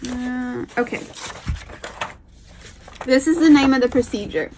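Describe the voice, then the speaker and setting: A woman's voice: sits high, measured pace, darkish tone, slight background noise. A young woman vlogger telling a personal story at home, chatty and emotional, often repeating herself.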